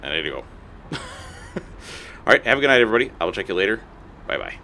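A man with a fairly low voice talks fast while streaming gameplay live, with slight background noise. He addresses his viewers and the creatures on screen excitably, yelping and cursing as things go wrong.

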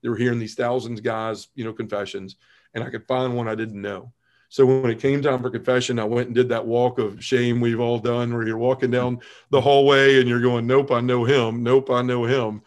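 A man in his forties tells his story with feeling, middle-pitched and animated. He slips into quick voices for his past self. His telling stays earnest from start to finish. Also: dull audio. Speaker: podcast guest.

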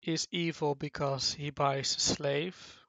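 A commentator who rambles playfully and haltingly through a casual talk while drawing, on a dull, dry lo-fi mic. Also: mid-range voice, fairly even intonation, creaky, fairly bright tone, dry recording.

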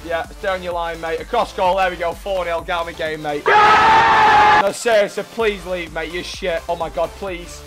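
A young man commentating his own football gameplay, swearing, shouting at opponents and ranting in frustration. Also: on the high side, little pitch movement, moderate pace, few pauses, over music. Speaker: gaming YouTuber.

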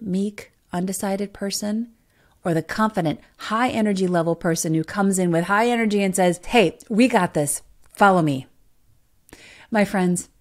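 A woman's voice: fairly low pitch, darkish tone. A woman hosting a podcast, giving a motivational monologue with emphatic rhetorical questions to the listener. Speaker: podcast host.

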